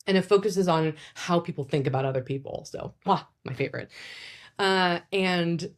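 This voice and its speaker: A woman with a notably low speaking voice talks through advice like a relaxed psychologist. Her delivery is casual and chatty, with frequent fillers and little asides. She slips into quoted speech with sudden jumps in pitch. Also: normal speed. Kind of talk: casual educational talk.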